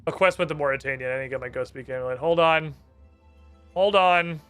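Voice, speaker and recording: A man streaming a game, giving casual, sarcastic commentary full of profanity and quick asides. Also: medium pitch, fairly even intonation, fairly bright tone, smooth, faint music behind.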